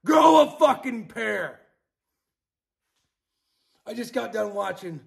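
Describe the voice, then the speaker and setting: A middle-aged man hosting a podcast, ranting angrily and profanely about politics, dropping from low mutters to outbursts while drinking beer. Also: expressive, takes it slowly, vocal fry. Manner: angry, profane, swings between muttering and shouting. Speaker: podcast host.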